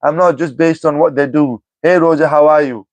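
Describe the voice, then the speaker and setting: Teasing male streamer, a bit high-pitched. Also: moderate pace, no echo. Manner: teasing, repeats commenters' names, keeps saying "you know what I mean". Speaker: livestreamer replying to chat. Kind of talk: live-stream chat banter.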